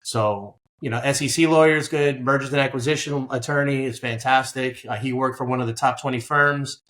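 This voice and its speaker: In a conversational interview, a Queens, New York man who works as a business buyer spins animated stories and acts out their dialogue. His voice is mid-range and his pace slightly quick.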